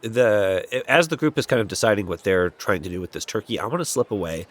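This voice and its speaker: A man's voice: fairly low pitch, expressive, fairly quick, husky. A man playing a tabletop game, hesitant and full of ums. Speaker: player.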